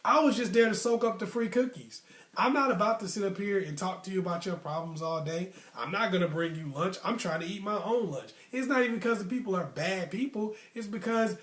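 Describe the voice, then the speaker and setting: A man casually telling a personal story in a relaxed, slangy, rambling way, full of asides. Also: high voice, a little fast. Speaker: storyteller host. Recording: roomy echo.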